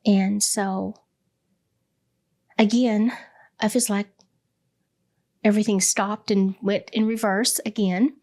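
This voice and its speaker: A middle-aged woman, a hospice director, candidly telling a personal story in an interview, pausing often with fillers. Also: medium pitch, little pitch movement, darkish tone. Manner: candid and reflective, with many pauses and fillers.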